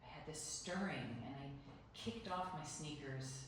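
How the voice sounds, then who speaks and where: A woman in her fifties telling a personal story live to an audience, in an animated way. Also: extremely low pitch, measured pace. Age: 50s. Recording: echoey room from far off with faint noise.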